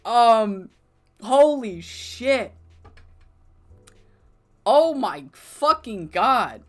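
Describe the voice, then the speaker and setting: A man streaming a wrestling management game, talking casually, thinking out loud and swearing freely. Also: very high voice, sing-song, drawn-out words. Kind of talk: casual let's-play commentary.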